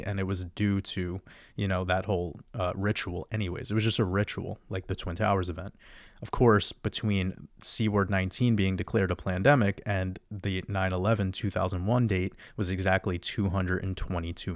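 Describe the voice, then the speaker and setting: A man's voice: lowish voice, dry recording, studio quality. A man hosting a solo crypto podcast, walking through charts in a casual, repetitive way with fillers and restarts. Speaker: crypto chart analyst host. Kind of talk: solo chart-walkthrough commentary.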